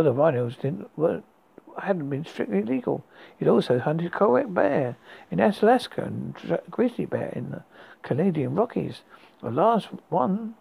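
A man from the UK hosting a horror podcast, reading a story aloud in an unhurried way and often restarting a word. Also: a little high, creaky, warm tone, breathy edge, rough recording.

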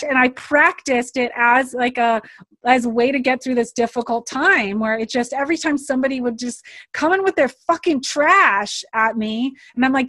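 A woman's voice: fairly high pitch, steady tone, moderate pace, a bit bright, dry recording. A woman talking as an interview guest, candid and casual, swearing freely and laughing often. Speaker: guest, author of a card deck.

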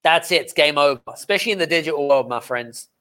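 A man hosting a podcast in a loose, friendly chat. His voice sits a little on the high side. He affirms his guest often and stretches his pauses with drawn-out fillers. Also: animated, sharp tone. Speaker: podcast host. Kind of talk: casual conversational interview.

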